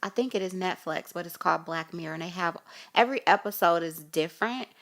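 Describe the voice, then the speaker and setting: A woman's voice: on the low side, quick pace, fairly bright tone. Chatty woman podcast co-host. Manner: chatty, explains at length. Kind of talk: casual chat.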